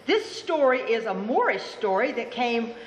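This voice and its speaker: A woman storyteller telling a folk tale live, animated and theatrical, inviting the audience to join in. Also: a little high, unhurried. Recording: roomy hall with long echo, faint room noise.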